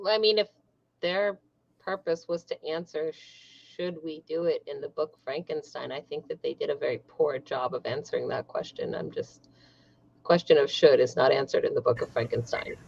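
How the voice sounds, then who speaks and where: A woman's voice: sits low, moderate pace, gravelly, a little mellow. Argumentative woman on a lo-fi mic. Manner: argumentative, challenging. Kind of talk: casual group chat. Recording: dull lo-fi sound.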